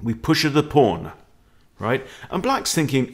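A man's voice: medium pitch, takes it slowly. A man, a chess coach walking through openings in a playful, jokey way. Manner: playful, animated, jokey with exclamations. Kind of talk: chess lesson walkthrough.

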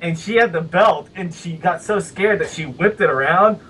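A man's voice: high-pitched, normal speed, bright, forceful tone, breathy edge, recorded from a distance, rough recording. A man co-hosting a podcast, telling a childhood story with many hesitations. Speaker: podcast co-host. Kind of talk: casual storytelling over a call.

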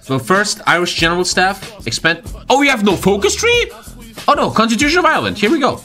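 Crude, bright-voiced male game streamer. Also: sits high, huge pitch swings, fairly quick, soft background music. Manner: crude, joking, swears a lot. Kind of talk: live game stream commentary.

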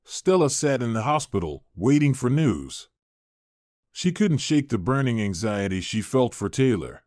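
A man narrating a scripted drama story with an expressive delivery. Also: medium pitch, unhurried, dry recording, studio quality.

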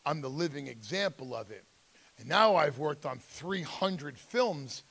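Middle-aged man, gravelly and slightly high-pitched, speaker at a school seminar, intense personal storytelling. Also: a bit bright. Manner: acts out quoted voices, emphatic, intense.

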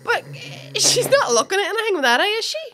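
A young woman hosting a podcast, teasing her guest and quick to laugh. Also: extremely high pitch, sing-song, bright, forceful tone. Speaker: podcast host. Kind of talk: casual chat.

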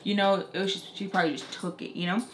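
A woman telling a casual story time, talking in an animated way with plenty of slang and some cursing. Her voice sits at a medium pitch. Faint noise hangs under the recording. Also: quick pace. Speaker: makeup artist and beauty vlogger.

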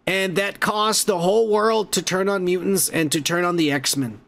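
A man talks through a movie plot in a loose, rambling way, cursing freely and jumping into quoted lines. His voice sits fairly high for a man. It sounds like casual podcast chat. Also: normal speed, vocal fry. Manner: profane, rambling, excitable. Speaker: podcast host.

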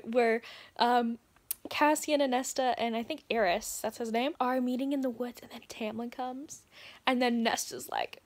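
Young southern woman, book vlogger, casual gushing chat, higher voice, giggly. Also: unhurried. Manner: excited gushing with frequent laughs and "like".

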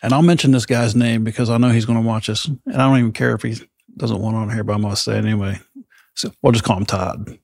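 A man's voice: on the low side, fairly even intonation, fast, creaky, a little mellow, no echo, studio quality. A middle-aged man hosting a casual chat, telling war stories animatedly and acting out the voices of people he quotes. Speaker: podcast host.

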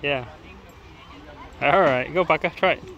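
The recording is muffled and outdoors, with crowd noise from visitors at a zoo. Unhurried and a bit bright at medium pitch, a parent vlogging a family outing narrates casually, playfully encouraging a child and chatting to viewers.

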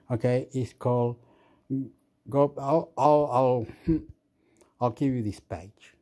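A man's voice: steady tone, takes it slowly, dark tone. Rambling, scattered man. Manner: scattered, jumps between topics, frequent fillers and laughs; makes sound effects like boop and boom. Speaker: host. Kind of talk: rambling casual monologue.

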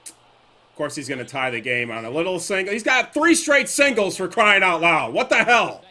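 A young man commentating his own video game play, excitable and cursing, swinging from loud outbursts to low muttering. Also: normal speed. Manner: excitable, swears often, swings from yelling to muttering. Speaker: gaming YouTuber. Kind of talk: live gameplay commentary.

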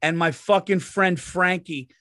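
A man's voice: high voice, unhurried, sharp tone, dry recording, clean studio sound. A man in his forties telling rambling, profane stories as a comedian co-host in casual podcast chat. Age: 40s.

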